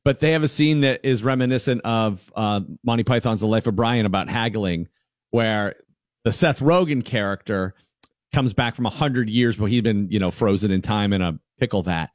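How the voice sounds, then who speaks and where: A man's voice: on the low side, normal speed, dry recording, clean studio sound. A man co-hosting a casual chat, telling stories animatedly and acting out the people he quotes. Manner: animated storyteller who acts out quoted people. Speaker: podcast co-host.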